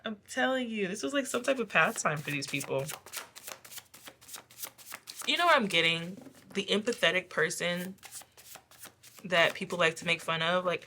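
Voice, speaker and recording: A woman giving a casual tarot reading who talks in a rambling, chatty way, laughing often and filling pauses with "like". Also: fairly low pitch, pushed and bright, slight background noise. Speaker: tarot reader. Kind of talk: casual pick-a-card reading.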